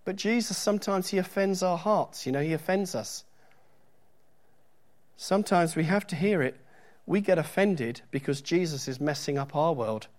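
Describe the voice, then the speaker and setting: A man's voice: on the high side, moderate pace, darkish tone. A middle-aged man preaching a sermon in a church, talking conversationally with joking asides and reading scripture aloud with emphasis.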